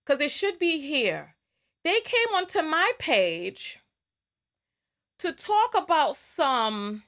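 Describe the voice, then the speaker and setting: A woman's voice: high-pitched, big pitch swings, slow pace, fairly bright tone. Fired-up woman hosting a live stream. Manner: heated, indignant, repeats herself. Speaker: livestream host.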